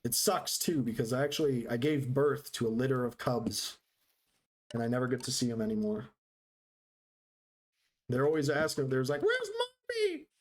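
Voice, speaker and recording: A man's voice: medium pitch, moderate pace, pauses often. A man streaming a game live, chatting casually with his viewers in a joking, sarcastic, rambling way. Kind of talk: casual live-stream chat while gaming.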